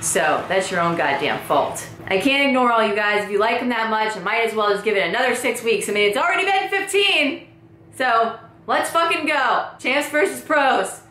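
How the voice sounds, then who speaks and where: A young woman recapping a reality show in a casual vlog, sassy and profane, breaking into sing-song shouts. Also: medium pitch, big pitch swings, fairly quick, slight background noise. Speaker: recap vlogger. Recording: echoey room.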